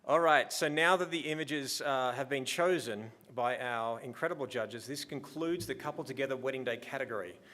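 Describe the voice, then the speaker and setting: A man hosting a live photography awards broadcast, announcing categories in an upbeat, measured way. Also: medium pitch, sharp tone. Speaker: awards livestream host.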